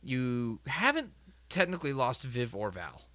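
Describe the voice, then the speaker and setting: A man's voice: mid-range voice, huge pitch swings, measured pace, bright, forceful tone, no room sound. A man who runs a tabletop game, chatting with his group in an emphatic, reflective way and laughing often. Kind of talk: casual group chat.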